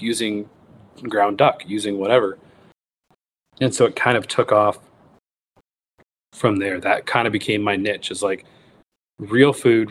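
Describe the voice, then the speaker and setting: A man in his thirties, a wild game cook and recipe writer, tells his story as a guest in a casual interview. His voice is fairly low, with a little hiss or hum, and he restarts often while acting out the voices of people in the story.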